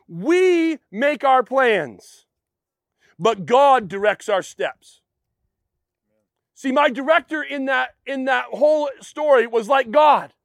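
A man's voice: extremely high pitch, a bit bright, no room sound, studio quality. A man preaching a sermon, telling a personal story and putting questions to his listeners. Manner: storytelling, acts out quotes, asks the audience questions. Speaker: pastor.

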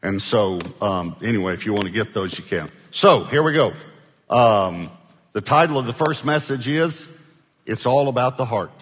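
Man preaching, conversational, in a reverberant hall. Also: fairly low pitch. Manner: conversational preaching, prompts the congregation to answer. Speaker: pastor. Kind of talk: sermon.

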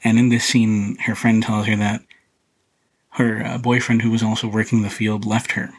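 A man hosting a podcast, casually talking through a film in a relaxed, rambling way with many fillers and restarts. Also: on the low side, moderate pace, husky, low-quality recording. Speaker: podcast host reviewing a film. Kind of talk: casual solo film commentary.

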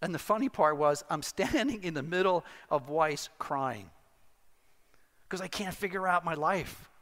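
This middle-aged pastor's sermon centers on a personal story told with lively, self-deprecating humor. He speaks at a measured pace in a voice on the high side, with long hall reverb on the recording.

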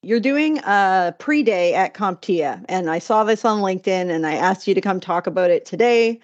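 A woman's voice: medium pitch, expressive, no room sound. A woman hosts a business podcast and chats in a casual way, easily slipping into anecdotes. Her voice sits in a middle range. The audio is a little dull, with a lo-fi quality. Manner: chatty, quick anecdotal delivery. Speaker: podcast host. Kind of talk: casual interview chat.

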